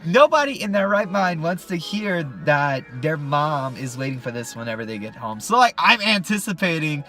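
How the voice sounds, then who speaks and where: A man's voice: fairly high pitch, very animated, moderate pace, pushed and bright, soft background music. A man telling a funny childhood story in a casual vlog, talking animatedly and joking straight to the camera.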